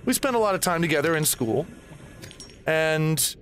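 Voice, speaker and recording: A man's voice: a little high, moderate pace, slight background noise. A man in his forties telling a rambling personal story while playing a game, with game sounds behind him. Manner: rambling, animated, swears at the game. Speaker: gaming storyteller host. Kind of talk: personal storytelling over gameplay.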